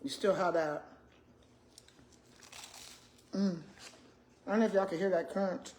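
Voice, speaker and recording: A woman's voice: on the low side, fairly even intonation, normal speed, darkish tone, a little hiss or hum. A woman, a retired school principal chatting casually to viewers while eating, often humming and murmuring between bites. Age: 60s. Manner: chatty, addresses viewers as y'all, hums and murmurs while chewing.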